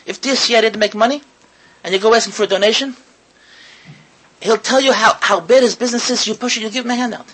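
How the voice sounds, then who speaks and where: A man giving a sermon to an audience as a rabbi, animated and full of rhetorical questions, repeating his words and mixing in Hebrew and Yiddish terms. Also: high-pitched, fast talker, pauses often, breathy edge, poor audio.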